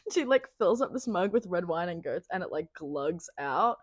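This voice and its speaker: A woman's voice: fairly low pitch, expressive, moderate pace, breathy edge, no echo. A woman co-hosting a podcast, telling a story in casual chat, giggling and swearing as she goes. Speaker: podcast co-host.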